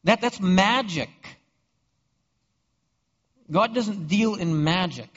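A high-voiced pastor preaching a sermon, posing rhetorical questions and stumbling over repeated words. The sound is dull and heard with a long, echoing hall reverb. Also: male voice, takes it slowly, fairly bright tone, husky.

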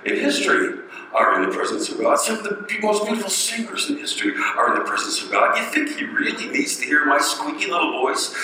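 A man preaching a sermon in a conversational way, with pauses and rhetorical questions, recorded from a distance in an echoey hall. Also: high voice, big pitch swings, pushed and bright, slight background noise.

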